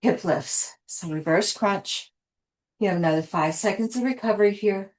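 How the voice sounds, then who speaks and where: A woman's voice: medium pitch, moderate pace. A woman coaching a live workout, cueing exercises in an encouraging way and catching her breath between sets. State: winded. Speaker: fitness instructor.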